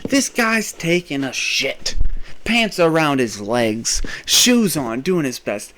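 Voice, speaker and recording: A young man hosting a podcast, telling a rambling, profane comic story, swinging between loud rants and mumbled asides. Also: medium pitch, sing-song, a little slow. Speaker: podcast host. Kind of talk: rambling comedic monologue.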